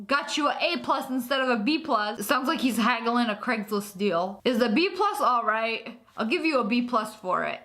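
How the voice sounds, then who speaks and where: High-voiced sarcastic woman reacting. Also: animated, normal speed, a bit bright. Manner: sarcastic, laughing often. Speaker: host reacting to memes. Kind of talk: comedic reading and commentary.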